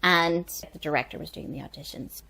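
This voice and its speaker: A woman's voice: deep voice, fairly even intonation, brisk, gravelly, pushed and bright. A woman, a guest chatting casually and telling anecdotes, full of "like" fillers.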